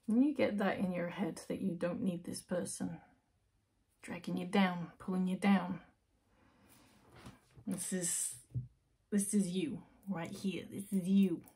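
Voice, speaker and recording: Tarot lady talking right at the viewer, gravelly husky voice, lots of "can you see it" style questions. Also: lowish voice, fairly even intonation, dark tone. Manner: coaxing, talks straight to the viewer with rhetorical questions; soothing, slows into guided breathing. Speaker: tarot reader. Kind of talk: direct-to-camera tarot reading.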